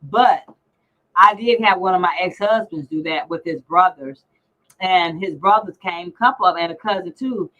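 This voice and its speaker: A woman's voice: fairly low pitch, fairly bright tone, highs cut off. A middle-aged woman hosting a casual livestream chat, teasing and brash as she reads out comments. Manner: brash, teasing, salty language. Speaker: livestream host.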